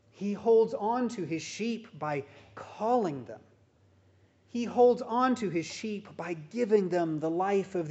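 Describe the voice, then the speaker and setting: High-voiced man preaching slowly. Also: a little mellow. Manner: measured, deliberate delivery with emphatic pauses. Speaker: pastor. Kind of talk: sermon. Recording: dull, muffled sound.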